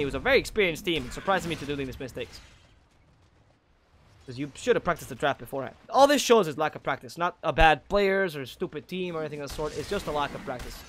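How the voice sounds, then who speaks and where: A man calls a video game match on his own at a rapid clip, his voice sitting fairly high. He is opinionated and quick to criticize, often correcting himself mid-sentence. A faint hum of ambience sits under his voice. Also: a bit bright. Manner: opinionated, drifts into critical rants; frequent self-corrections and repeated words. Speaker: esports caster. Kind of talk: solo play-by-play commentary.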